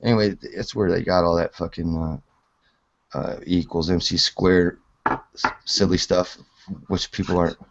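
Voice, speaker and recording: A man in his forties hangs out and rambles casually about physics theories, swearing and laughing a lot. His deep voice is creaky and fairly even in intonation at a normal speed, with frequent pauses. The audio sounds dull.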